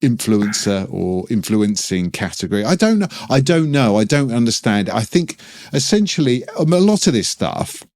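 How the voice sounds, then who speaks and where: A man's voice: very animated, moderate pace, darkish tone, dry recording. A middle-aged man from England, chatting casually as a podcast co-host. His voice sits in an ordinary middle register, and he often laughs and leaps upward for emphasis. The sound is dry and close to the mic, with no room around it. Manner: sardonic, laughs often, jumps to high pitch for emphasis.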